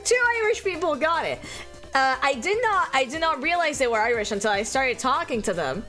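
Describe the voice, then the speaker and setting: A woman's voice: sits high, big pitch swings, a little fast, a bit bright, soft background music. A young woman from France, a native French speaker, chatting casually with her stream viewers, laughing often and swearing as she talks. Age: young adult.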